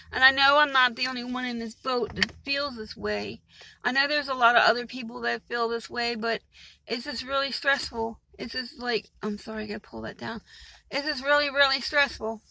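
A woman's voice: a little high, steady tone, moderate pace, vocal fry, pushed and bright, dry recording, low-quality recording. Exasperated woman venting into her camera. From Maryland, USA. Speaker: vlogger. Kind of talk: casual rambling vlog.

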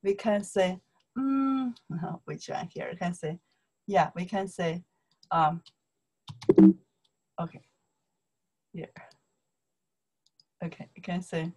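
A woman with a lowish, darkish, husky voice teaches a relaxed online lesson, her Chinese accent reflecting Mandarin as her first language. She speaks slowly and repeats things, constantly checking in with "okay?" to see if students follow.

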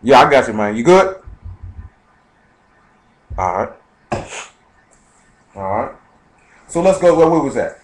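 A man leading an informal Bible study sermon, quoting scripture rapidly and checking in with his listeners. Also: medium pitch, big pitch swings. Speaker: preacher. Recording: echoey live-streamed room.

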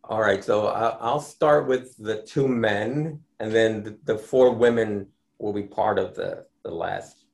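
A Dominican-born man explaining his artwork in an interview, speaking in a measured way with frequent ums and restarts. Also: lowish voice, gravelly, a little mellow. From Dominican Republic. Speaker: artist guest.

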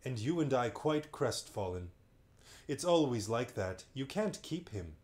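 A man's voice: medium pitch, very animated, measured pace, a little mellow. A man reading a bedtime story aloud, voicing a kindly, sleepy old male magician who is genial and chatty.

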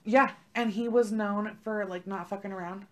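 A woman's voice: mid-range voice, fairly even intonation, normal speed. A young woman co-hosting a podcast, telling a story in a laid-back, profane chat full of "like". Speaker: podcast co-host. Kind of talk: casual chat.

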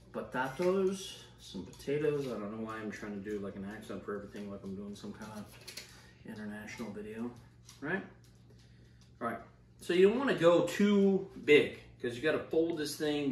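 A man's voice: mid-range voice, a little hiss or hum. Hyped, cursing cooking-show man. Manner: loose, swearing, hyped-up kitchen banter. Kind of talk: casual cooking demonstration. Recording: roomy sound, mic at a distance.

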